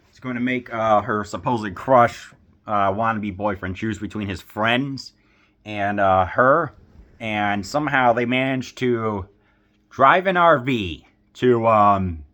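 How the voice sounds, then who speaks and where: A man talking through a film review in a loose, rambling way, stumbling over restarts and fillers. His voice sits a bit low but comes across bright and forceful. He sounds befuddled and exasperated by what he is describing. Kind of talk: casual film review vlog.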